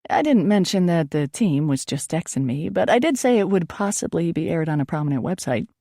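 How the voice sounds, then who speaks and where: Gravelly woman reading an audiobook. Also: on the low side, fairly quick, no echo, clean studio sound. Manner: steady, reflective storytelling. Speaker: audiobook narrator. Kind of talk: first-person audiobook narration.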